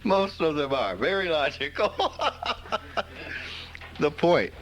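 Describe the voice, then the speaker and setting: An older man gives a relaxed spiritual talk to a live audience. His slightly high voice swoops up and down with great animation. He speaks slowly, in a folksy storytelling way, chuckling as he goes. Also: a little hiss or hum, rough recording. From rural Mississippi, US. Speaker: spiritual teacher.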